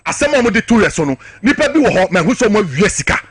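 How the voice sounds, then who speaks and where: Fiery Ghanaian man, fast and high. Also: sing-song, a bit bright, slight background noise. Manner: impassioned, hammering rhetorical questions. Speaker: political guest. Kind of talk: heated political talk-show argument.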